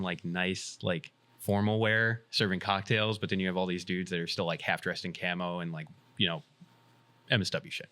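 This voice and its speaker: A man's voice: deep voice, fairly bright tone, no echo. A man co-hosting a podcast, telling a story in casual chat with swearing and laughs, acting out what people said. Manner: swearing, laughing storyteller who acts out quotes. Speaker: podcast co-host.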